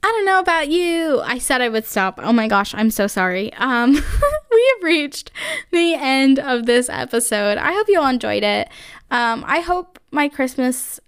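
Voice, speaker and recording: A woman's voice: high-pitched, animated, moderate pace, fairly bright tone, clear, resonant tone, no echo, clean studio sound. A young woman hosting her own podcast, chatting casually and gushing, filling her talk with "like" and "um". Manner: chatty, gushing, heavy use of like and um. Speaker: podcast host. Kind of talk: casual solo podcast chat.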